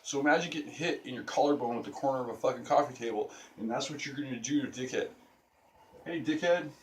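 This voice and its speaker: A man's voice: mid-range voice, racing, slight background noise. A young man casually teaching a stick-fighting move in a video lesson, talking brash and profane. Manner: profane, brash street talk. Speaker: self-defense instructor.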